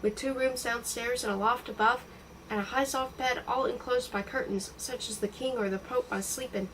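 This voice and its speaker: A woman reading a novel aloud in a steady, expressive storytelling voice. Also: a little high, moderate pace, distant mic, slight background noise, low-quality recording. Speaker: audiobook reader.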